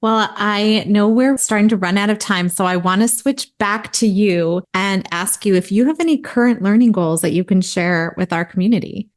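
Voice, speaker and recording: A woman's voice: mid-range voice, moderate pace, hardly any pauses. Woman podcast host asking questions. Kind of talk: podcast interview.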